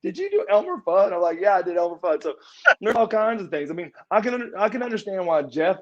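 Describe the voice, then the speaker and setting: A man's voice: sits high, fast. A man guest in a podcast interview, telling stories casually and acting out other people's lines in changed voices. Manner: animated, acts out quotes in changed voices. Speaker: interview guest, former wrestler. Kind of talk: casual storytelling in a shoot interview. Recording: slightly dull, lo-fi podcast audio.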